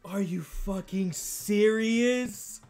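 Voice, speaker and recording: A man's voice: high-pitched, very slow, darkish tone, faint music behind. A man streaming a game playthrough live, reacting aloud with lots of swearing and repeated exclamations. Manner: profane, exclaiming, repeats himself.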